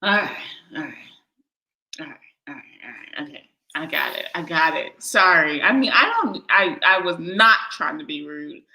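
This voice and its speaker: A woman's voice: sits low, animated, normal speed, sharp tone, rough recording. A woman hosting a casual live chat from Ghana, blunt and swearing, often breaking into laughter. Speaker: livestream host. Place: lives in Ghana.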